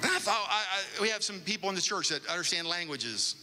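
A man pastor telling a personal story in a sermon, with dramatic, animated storytelling. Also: high-pitched, a little fast, music in the background.

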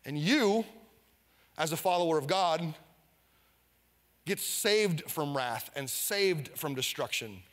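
High-voiced energetic preacher man. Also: takes it slowly, long pauses, big-room sound. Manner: energetic, leads the congregation in call-and-response. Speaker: pastor. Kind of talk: sermon. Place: church sanctuary.

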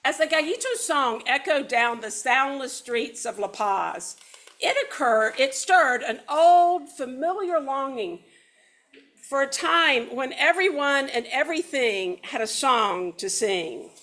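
A woman reading a children's picture book aloud at a worship service, taking her time over each line. Her high voice rises and falls widely in a warm, sing-song storytelling style. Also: slow. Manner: animated, sing-song storytelling with a few slips.

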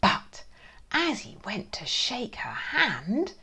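A woman's voice: on the low side, huge pitch swings, measured pace, breathy edge. A woman and children's author reading her picture book aloud, playful and dramatic, with whispered asides and sound effects.

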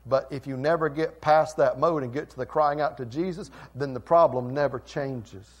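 A male pastor delivers a passionate sermon at a normal speed, his mid-range voice swinging between loud and soft.

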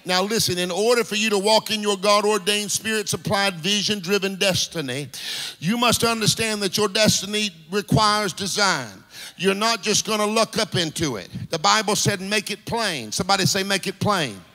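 A man pastor preaching a sermon in a rhythmic, sing-song style that swells into shouts. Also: high voice, normal speed. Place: church sanctuary. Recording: reverberant hall with music underneath.

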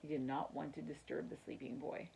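A woman's voice: sits low, brisk, creaky, slight background noise, low-quality recording. A woman reading a children's chapter book aloud as a teacher would, telling it expressively for children. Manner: expressive storytelling, addresses children. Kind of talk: children's story read-aloud.

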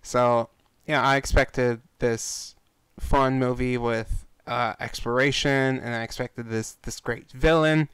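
A man with an exceptionally clear, smooth voice at an ordinary pitch. He co-hosts a casual podcast, telling stories in a relaxed, easygoing way. His voice is recorded dry and close. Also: slow pace, hardly any pauses, no room sound, low-quality recording. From Chicago area. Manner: relaxed, easygoing storyteller with fillers. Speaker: podcast co-host.

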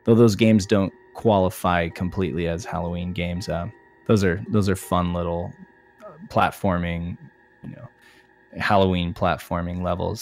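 A man's voice: low-pitched, darkish tone. A man co-hosting a casual podcast, chatty and rambling, laughing often. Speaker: podcast co-host. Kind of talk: casual chat.

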